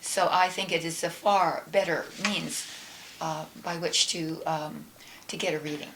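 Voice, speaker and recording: A woman co-hosting a tarot reading show, chatting casually and then leading a slow, meditative gratitude prayer. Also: low-pitched, steady tone, fairly bright tone, slight background noise. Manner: slow, meditative, trails off and restarts. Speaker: tarot reader co-host. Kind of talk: casual chat and guided prayer.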